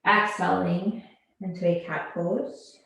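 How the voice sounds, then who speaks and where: Woman, yoga instructor, calm pose and breath cues, slow pace, very reverberant room. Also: on the low side, creaky. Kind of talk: guided yoga class instruction. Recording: very echoey room.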